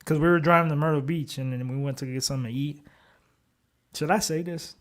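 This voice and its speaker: Guy from ohio in his 30s, slightly higher voice, swears a lot and laughs through his stories. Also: fast. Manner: animated, profane, laughs a lot. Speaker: podcast co-host. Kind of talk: casual storytelling chat.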